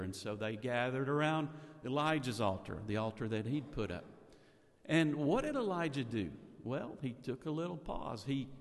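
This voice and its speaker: A man's voice: mid-range voice, big-room sound. A man preaching a sermon, retelling a story with rhetorical questions and repeated words.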